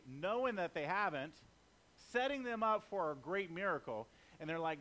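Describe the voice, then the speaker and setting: A man with a high voice delivers a sermon in a loose, chatty manner. He jokes with the congregation and slips into acted-out quotes along the way. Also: lively intonation, normal speed, sharp tone. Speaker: preacher.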